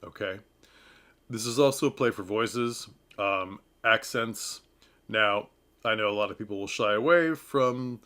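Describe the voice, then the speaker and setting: A man's voice: lowish voice, unhurried, sharp tone. A man reviewing a play in a casual talk, chatty and advice-giving, laughing often and slipping into playful mock voices. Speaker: theater reviewer. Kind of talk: casual talking-head commentary.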